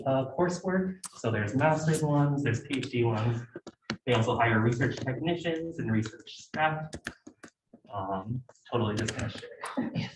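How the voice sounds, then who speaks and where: A young man gives an informal presentation at a student club meeting, chatty and casual with frequent fillers and small asides. His voice sits at an average pitch. It is picked up from across an echoey room with a light hiss underneath. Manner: conversational, filler-heavy, self-interrupting. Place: lecture room. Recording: echoey room heard from a distance.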